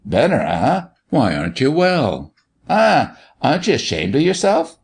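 A man voicing a blustering country doctor who booms in feigned rage to amuse children, in a storybook reading. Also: very animated, measured pace, a little mellow. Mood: mock-furious. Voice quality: big booming voice, feigned rage. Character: blustering middle-aged male country doctor, mock-fierce.

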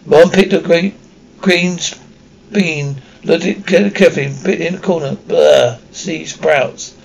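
A man's voice: high voice, moderate pace, creaky, slight background noise, rough recording. A man reading a children's novel aloud, stumbling and restarting words often. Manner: reads with frequent slips and restarts. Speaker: audiobook reader.

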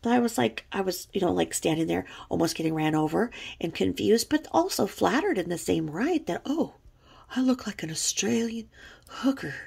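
A woman's voice: on the low side, expressive, fairly quick, gravelly, hardly any pauses, a little mellow, slightly rough. A woman talking casually to her viewers, blunt and rambling, with frequent swearing. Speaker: YouTube creator.

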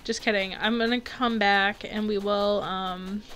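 A young woman giving rambling, giggly, excitable casual commentary while she plays a video game, with faint game music behind her. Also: medium pitch, unhurried, slight background noise. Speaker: gaming video creator.

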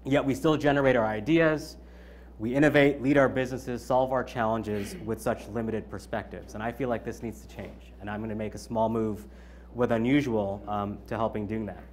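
A man's voice: on the low side, steady tone, moderate pace, slight background noise. A man in his thirties giving an opening keynote at his own event, conversational, with many ums and you-knows. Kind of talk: conference keynote speech.

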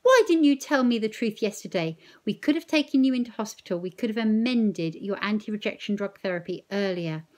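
A woman's voice: medium pitch, fairly quick, natural voice. A woman reading aloud as a blunt, brusque male transplant doctor with a clipped, matter-of-fact delivery.

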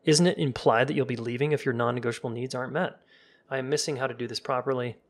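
A man's voice: mid-range voice, quick pace. Casual man giving relationship advice. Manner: casual, relaxed, talks straight to viewers; acts out calm sample dialogue in a soft voice. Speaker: relationship coach. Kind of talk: casual live-stream advice.

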